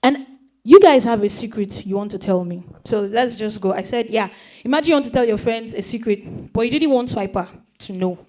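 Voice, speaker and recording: A woman's voice: a little high, brisk, darkish tone. A woman explaining a topic to a young audience in a playful way, often asking them questions. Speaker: speaker teaching young people. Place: event hall.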